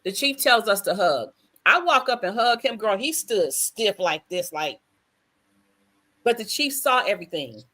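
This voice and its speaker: A woman, telling a story in casual chat with lively emphasis, acting out the voices she quotes. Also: mid-range voice, unhurried. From United States.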